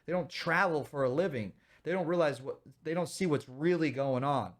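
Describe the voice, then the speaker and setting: A man's voice: on the high side, moderate pace. A man in his thirties ranting heatedly and profanely on a livestream, stopping to thank viewers. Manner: thanks viewers for donations mid-rant. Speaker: streamer reacting to videos. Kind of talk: casual livestream rant.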